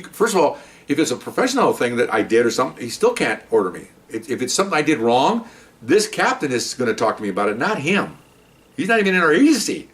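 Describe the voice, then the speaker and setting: Fast-talking ex-cop telling a story. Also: male voice, distant mic. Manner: animated, acts out other people's lines with raised pitch. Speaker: retired police officer telling stories. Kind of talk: casual storytelling monologue.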